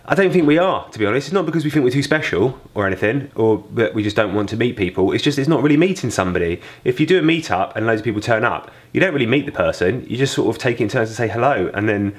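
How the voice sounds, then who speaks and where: A young English man talking casually to camera on a family vlog, relaxed and self-mocking. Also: medium pitch, racing, few pauses. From England. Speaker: vlogger.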